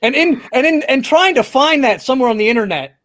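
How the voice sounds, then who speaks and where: A man's voice: extremely high pitch, lively intonation, quick pace, fairly bright tone, no room sound, studio quality. A man telling jokes with a hesitant, rambling setup over a video call. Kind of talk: casual joke telling.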